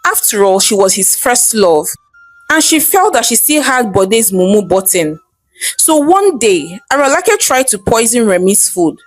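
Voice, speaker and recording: A woman with a Nigerian accent narrating a folktale in a lively, chatty way. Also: a little high, a little slow, no echo, faint music behind. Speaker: storyteller. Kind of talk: storytelling narration.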